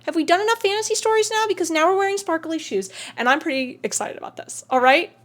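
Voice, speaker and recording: A woman's voice: extremely high pitch, expressive, fast talker, fairly bright tone. A woman giving a casual motivational talk on mental wellness, chatty and playful, swearing now and then and calling the listener honey. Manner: acts out little scenes with silly sound effects.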